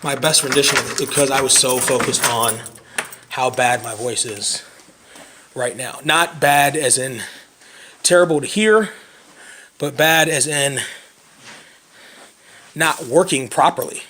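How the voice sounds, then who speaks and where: A man in his thirties with a hoarse voice, rambling through a casual self-deprecating vlog monologue and often clearing his throat. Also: medium pitch, measured pace, pauses often, sharp tone. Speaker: vlogger.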